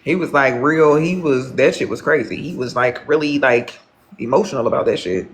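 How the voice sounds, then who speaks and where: A man's voice: medium pitch, moderate pace, fairly bright tone. A man chatting on a live stream, rambling and profane, repeating himself as he gossips and calls viewers honey. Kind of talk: casual live-stream chat.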